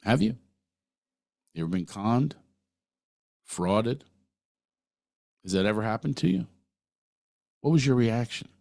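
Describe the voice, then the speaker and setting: A man's voice: medium pitch, big pitch swings, takes it slowly, vocal fry, long pauses, darkish tone, dry recording, clean studio sound. A middle-aged man hosting a podcast, talking earnestly through a personal monologue and putting questions straight to the listener. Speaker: podcast host.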